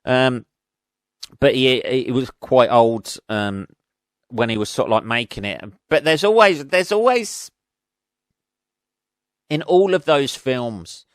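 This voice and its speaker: A man's voice: mid-range voice, clean tone, no room sound, clean studio sound. A man hosting his own podcast as a comedian, rambling in a sweary, self-mocking way. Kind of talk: rambling casual monologue. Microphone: studio podcast mic.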